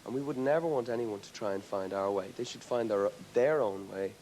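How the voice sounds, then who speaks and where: A man's voice: lowish voice, brisk, a little mellow, slight background noise, poor audio. An Irish man talking as a guest in a casual TV studio interview, thoughtful and rambling, often restarting his sentences. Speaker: rock singer interviewed as a guest. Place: TV studio with an audience.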